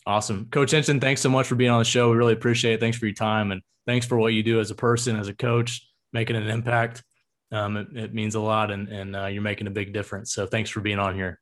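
A man hosting a podcast, asking quick-fire questions and giving a polished, upbeat sign-off. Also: fairly low pitch, level tone. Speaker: podcast host. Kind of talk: interview and podcast outro.

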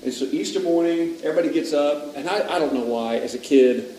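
A man who is a father, telling a childhood story in a casual, animated way on a podcast, often laughing. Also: on the high side, fairly quick. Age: adult father. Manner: animated, laughing, rises to loud retellings. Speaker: podcast speaker. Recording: roomy, distant mic with faint background noise.

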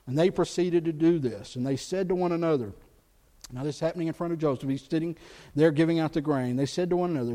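A man's voice: a little high, quick pace. A male pastor preaching a sermon, asking the congregation questions as he retells a Bible story. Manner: animated, talks to the congregation with questions.

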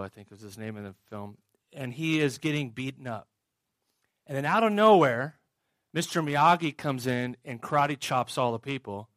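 A man's voice: mid-range voice, fairly bright tone, no room sound. A man preaching a sermon, retelling a story in a storytelling way and putting questions to the audience. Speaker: pastor.

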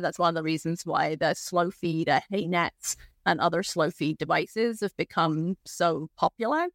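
A woman's voice: fairly low pitch, no room sound, studio quality. Woman explaining horse feeding with an accent. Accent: non-local accent. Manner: explanatory, conversational, lots of you know and like. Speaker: equine nutrition guest expert. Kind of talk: casual expert explanation on a podcast.

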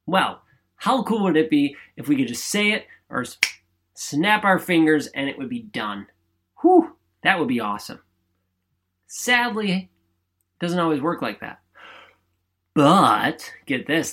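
This is a solo male podcast host with a fairly high, fairly bright voice, recorded on a studio microphone. He delivers an upbeat motivational talk in a chatty, emphatic style, frequently tossing in "right?"

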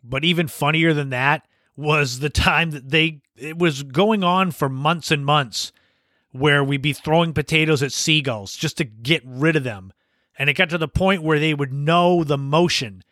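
A man's voice: on the high side, a little slow, sharp tone, no echo, clean studio sound. A man hosting a podcast, telling casual anecdotes and laughing as he goes. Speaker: podcast host. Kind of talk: casual storytelling monologue.

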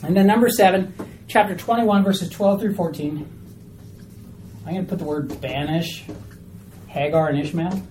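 A woman teaching a small Bible study group in a chatty, animated way, asking questions of the class. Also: on the low side, moderate pace, long pauses, a little hiss or hum, low-quality recording.

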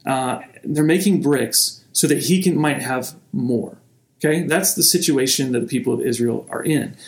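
A man's voice: mid-range voice, moderate pace, echoey room. A man preaching a sermon in a conversational teaching manner, often restarting his phrases. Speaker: pastor.

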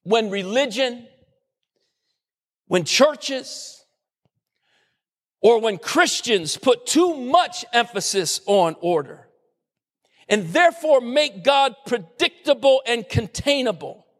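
Man, very high voice, slow deliberate delivery, impassioned sermon, long hall echo. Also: animated. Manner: impassioned preaching, rising to shouts, voicing scoffing critics. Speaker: preacher.

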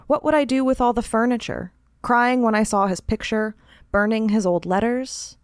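A woman's voice: on the high side, moderate pace, no echo, close to an everyday voice. A woman voicing an anxious, fretful housewife who scolds herself, in a dry, close read story.

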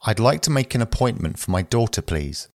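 A man reading short phrases aloud for language learners, slow and careful, one at a time. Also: lowish voice, sing-song, vocal fry, a little mellow, no echo, studio quality. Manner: slow, careful, evenly paced phrase delivery. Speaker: phrasebook reader.

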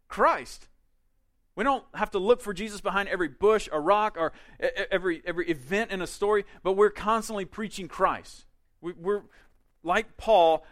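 A man's voice: high-pitched, fairly bright tone. Man preaching a conversational sermon. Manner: conversational preaching with quick asides, rising to emphatic peaks. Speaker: pastor.

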